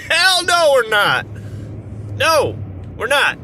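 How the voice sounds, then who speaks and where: A man's voice: sits high, wildly swooping pitch, slow, sharp tone, slight background noise. A man ranting in an exasperated, sarcastic way in an opinion vlog. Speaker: vlogger. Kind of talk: opinion rant to camera.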